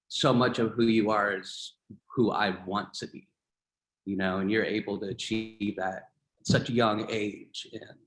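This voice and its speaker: A man speaks slowly and reflectively over a video call. His voice is low, and his words carry a noticeable room echo. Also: fairly bright tone. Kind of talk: heartfelt farewell on a video call. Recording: roomy video call audio.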